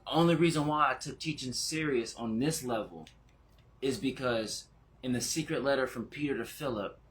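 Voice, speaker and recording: A male spiritual teacher with a bright, ringing voice of middling pitch, speaking casually to his followers. He swings from giddy, laughing exclamations that leap up in pitch to slow, hushed reflection. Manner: excitable, laughing, jumps into high exclamations; slows down and goes quiet when reflective. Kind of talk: casual spiritual vlog talk.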